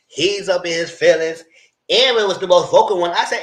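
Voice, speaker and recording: A man hosting a live discussion of a reality show, dramatic and sassy, swinging into high exclamations. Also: big pitch swings, moderate pace, fairly bright tone, reverberant. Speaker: host.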